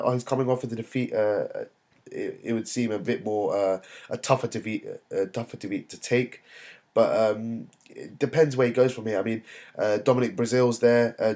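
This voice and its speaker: Low-voiced man musing on boxing. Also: darkish tone. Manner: hesitant, many fillers and restarts. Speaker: boxing channel host. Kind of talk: solo commentary vlog.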